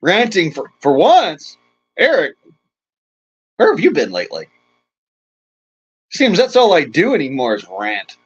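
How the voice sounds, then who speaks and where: A man's voice: on the high side, wildly swooping pitch, unhurried, long pauses, husky. Man ranting crudely on a lo-fi stream. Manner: crude, rambling, chuckles often. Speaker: livestream host. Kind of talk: casual ranting to live chat.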